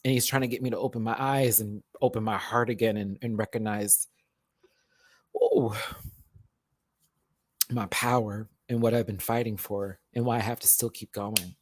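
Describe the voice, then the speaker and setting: A man's voice: lowish voice, steady tone, moderate pace, long pauses. A young man hosting his own livestream, talking heartfelt and rambling to viewers while emotional and near tears, often repeating and restarting words. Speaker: YouTuber host.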